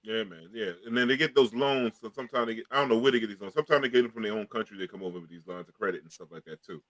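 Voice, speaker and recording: A man's voice: on the low side, rapid-fire, a bit bright, no room sound. A man co-hosting, joking loosely in slangy casual banter. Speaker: podcast co-host.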